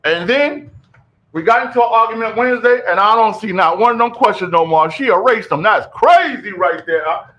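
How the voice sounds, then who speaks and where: A man hosting a radio show in casual, animated chat, calling out to his co-hosts and listeners. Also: high-pitched, highs cut off. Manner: animated, loud, quick repeated calls of "yo".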